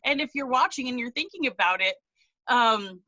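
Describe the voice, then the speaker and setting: A woman's voice: a little high, animated, moderate pace, bright, forceful tone, no room sound, highs cut off. A woman on a video call telling her story, earnest and close to tears, rambling with restarts. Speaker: team member sharing her story. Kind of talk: emotional testimonial on a video call.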